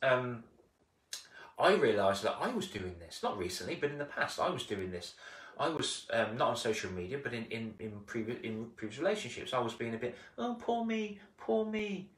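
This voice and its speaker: A man coaching casually on a live stream, animated, acting out little scenes and repeating himself. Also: medium pitch, a little fast. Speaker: confidence coach. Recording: roomy, distant mic.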